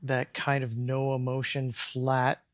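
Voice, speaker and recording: A man speaks as a pronunciation coach in a podcast conversation. He explains his methods in a measured, step-by-step way. The recording is close and dry. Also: mid-range voice, monotone, no echo.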